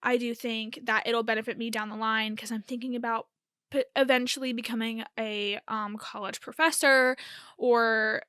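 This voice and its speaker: Young woman, podcast host, casual hesitant chat, bright tone, dry recording. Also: fairly high pitch, flat delivery, normal speed, clean tone, no echo. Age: young adult. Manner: rambling, hesitant, many fillers.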